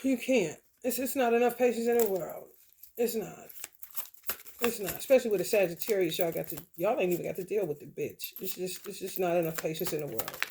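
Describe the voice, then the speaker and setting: A woman's voice: lowish voice, a little fast, mellow, slight background noise. A woman giving a casual tarot reading who talks bluntly and profanely, repeats her phrases and laughs often. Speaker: tarot reader.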